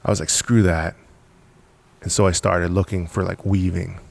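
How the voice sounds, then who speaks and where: Gravelly deep-voiced man telling a story. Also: completely flat delivery, fast, a little mellow. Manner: emphatic, repetitive, punchy storytelling with frequent laughs. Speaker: podcast guest, business founder. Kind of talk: casual storytelling in conversation.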